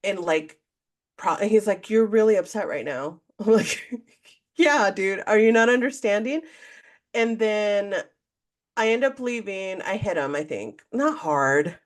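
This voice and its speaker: A woman's voice: medium pitch, unhurried. Woman telling a candid story. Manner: candid, animated storytelling, acts out quotes. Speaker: podcast co-host. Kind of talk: casual storytelling chat.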